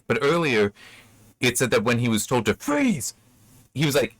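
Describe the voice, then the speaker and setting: A man giving a casual spoken critique of a book chapter, rambling with many restarts and sudden rises in pitch when he gets worked up. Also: sing-song, normal speed, fairly bright tone, no room sound. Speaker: book reviewer.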